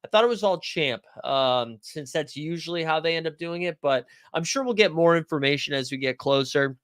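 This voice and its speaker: A man's voice: a little high, lively intonation, fairly quick, fairly bright tone, clear, resonant tone. Chatty guy hosting a fantasy sports stream. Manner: loose, rambling, jokey, greets chatters by name. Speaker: fantasy sports livestream host. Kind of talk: casual livestream chat reading viewer comments.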